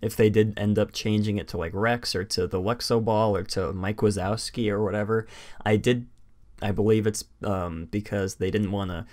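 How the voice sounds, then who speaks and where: A man's voice: on the low side, fairly even intonation, normal speed, darkish tone. A young man co-hosting a casual podcast chat, rambling with many fillers and restarts, and he has the hiccups. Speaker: podcast co-host.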